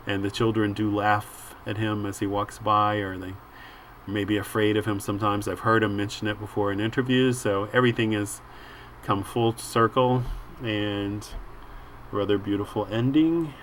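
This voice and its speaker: A man reading a comic book aloud and musing over the panels in an unhurried way, with frequent filler words. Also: lowish voice, fairly even intonation, a little hiss or hum. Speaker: comic book reader and commentator.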